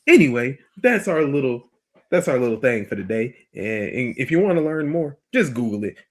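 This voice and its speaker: Man, 30s, podcast host, blunt, swearing, animated, very lively pitch. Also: moderate pace. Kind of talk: casual opinion chat.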